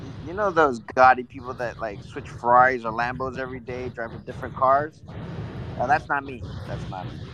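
A man's voice: medium pitch, steady tone, fairly quick, noisy background. A man chatting on a live audio stage, teasing and playful.

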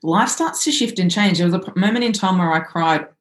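A woman's voice: fairly low pitch, a little fast. A woman coach in casual conversation, earnestly telling stories about her clients. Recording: roomy echo.

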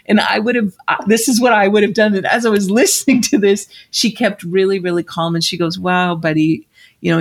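A woman's voice: deep voice, gravelly. A middle-aged woman, a life coach hosting a podcast, tells a personal story conversationally and acts out the people in it. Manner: animated, acts out quoted voices.

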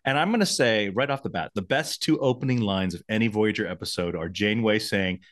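A man's voice: on the low side, brisk, few pauses, a bit bright. A middle-aged man co-hosting a podcast, chatting casually and laughing often in a playful way. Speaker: podcast co-host. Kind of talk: casual rewatch chat.

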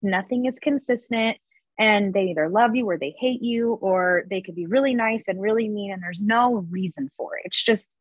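A woman's voice: mid-range voice, moderate pace, no echo. A woman in her thirties, a podcast guest, openly telling a personal story in a confessional, conversational way. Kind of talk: candid personal storytelling in an interview.

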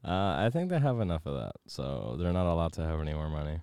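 A man's voice: very deep voice, sing-song, fast talker, mellow, clean tone, dry recording, studio quality. A man in casual, joking chat who swears freely and slips into mock-solemn narration.

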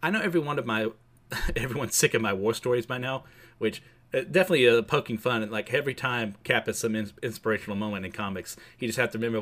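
A man casually recapping a comic book issue, chatty and quick to laugh, with many fillers. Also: medium pitch, fairly bright tone.

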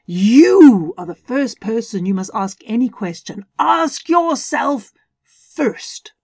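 A woman voicing an eager rabbit in a high, emphatic, bouncy voice for a family story podcast. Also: sing-song, slow pace, darkish tone, dry recording, studio quality, full character voice. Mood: insistent. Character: bold young rabbit, bright and eager.

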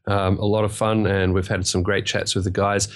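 A man's voice: low voice, flat delivery, moderate pace. An Australian man co-hosting an aviation news podcast, joking around and calling his co-host "mate". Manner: jokey, with many "mate"s. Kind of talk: casual news chat.

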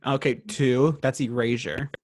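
A young man from Virginia talks through a film in a casual podcast chat. He is sarcastic and quick with comic asides, and his voice sits at an ordinary middle pitch. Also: fairly even intonation, a little mellow. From Virginia, USA. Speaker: podcast co-host.

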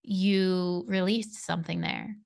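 A woman's voice: fairly low pitch, steady tone, slow pace, creaky, darkish tone, dry recording. A woman speaking as a spiritual coach guest on a podcast, earnest and meandering, laughing often. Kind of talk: podcast interview conversation.

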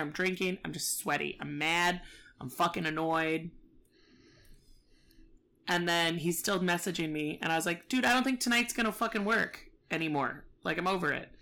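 A woman's voice: fairly low pitch, bright, forceful tone. A woman telling a story in casual chat, profane and exasperated, acting out both sides.

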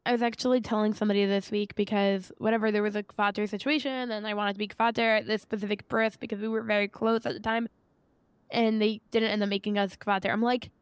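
A woman's voice: medium pitch, little pitch movement, fast talker, smooth, dry recording. An American woman hosting a podcast, chatting in a supportive way and laughing easily. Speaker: podcast host. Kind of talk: casual chat.

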